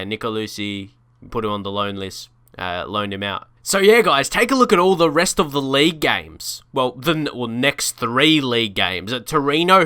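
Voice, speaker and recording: A young man talks through a football game in casual let's-play style, rambling and chuckling as he thinks aloud. His voice is bright and crisp, with a forward edge. The recording is close and dry, with no room around it. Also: medium pitch, no echo. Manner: chatty, thinks aloud, frequent restarts and laughs. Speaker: gaming video creator.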